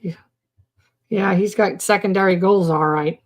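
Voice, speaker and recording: At a measured pace and medium pitch, a woman chats with her viewers' comments during a casual live stream on mental health. Her talk rambles, with many restarts and fillers like "um" and "you know."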